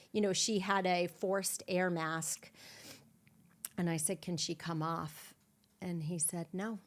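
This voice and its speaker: Middle-aged woman host, kinda low voice, raw and blunt, swears, dark humor. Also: steady tone, slow. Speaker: podcast host. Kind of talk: candid conversational storytelling.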